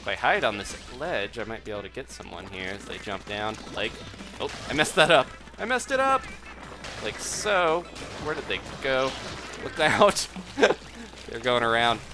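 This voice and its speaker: A man's voice: medium pitch, very animated, moderate pace. A young man giving chatty live commentary while streaming a game, reading out chat and laughing often. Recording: music playing behind the voice.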